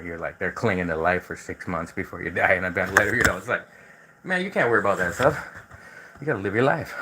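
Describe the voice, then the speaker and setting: A man with a somewhat low voice hosts a casual livestream from indoors. He talks in a loose, rambling way and often repeats words or starts over. A faint background noise sits under his voice. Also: pushed and bright, low-quality recording. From United States. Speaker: livestream host.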